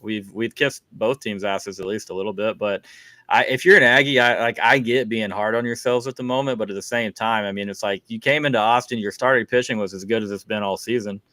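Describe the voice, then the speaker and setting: Brief: sports talk host, easygoing and conversational, slightly low voice. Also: male voice, a little fast, no room sound. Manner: relaxed, conversational, speaks to viewers.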